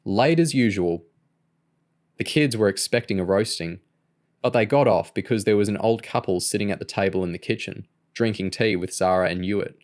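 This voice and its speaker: A man reading a novel aloud in a steady storytelling manner. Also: lowish voice, a little fast. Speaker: audiobook reader. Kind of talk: audiobook narration.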